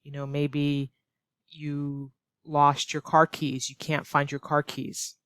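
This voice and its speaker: A woman with an American accent teaching an online English lesson, expressive and acting out her examples. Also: slow, clean tone, no room sound. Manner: expressive, acts out examples with big swings of pitch. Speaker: ESL teacher.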